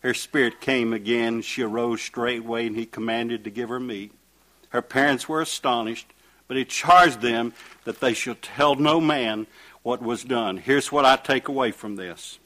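A man with a mid-range voice preaches at a measured pace, reading Bible passages in King James language and raising rhetorical questions. He builds to loud, forceful peaks and drops into quiet asides.

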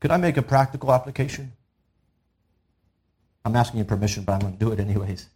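A man's voice: mid-range voice, fast, a little mellow, slightly rough. A man preaching a sermon to a church congregation, emphatic, pressing his listeners with rhetorical questions. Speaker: pastor. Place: church service.

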